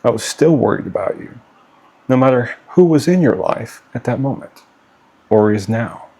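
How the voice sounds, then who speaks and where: A man's voice: mid-range voice, animated, moderate pace, dark tone, breathy edge. A middle-aged father speaking straight to camera to his children, earnest and pleading, often checking in with "okay?". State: getting hot and worked up. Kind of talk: direct-to-camera personal vlog.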